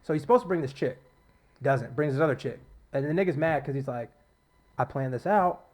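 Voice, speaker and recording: A man's voice: mid-range voice, fast talker. A man co-hosting a podcast, retelling a movie plot in loose, profane, casual talk, acting out the characters' quotes. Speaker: podcast co-host.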